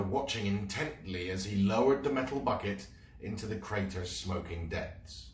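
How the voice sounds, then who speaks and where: A man reading a children's book aloud in an expressive storytelling voice. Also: sits low. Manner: expressive, slow read-aloud. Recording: roomy room, mic at a distance.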